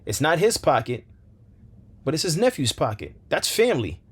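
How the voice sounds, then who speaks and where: A man's voice: a little high, sing-song, normal speed, slightly rough. A man hosting a commentary channel, speaking with passion, firing rhetorical questions and repeating phrases for emphasis. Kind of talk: opinion commentary monologue.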